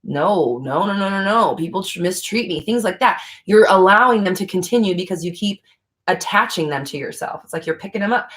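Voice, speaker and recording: A woman's voice: fairly low pitch, fairly quick, a bit bright. A woman hosting a livestream, answering viewer questions in a blunt, frank casual chat, swearing freely. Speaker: livestream host.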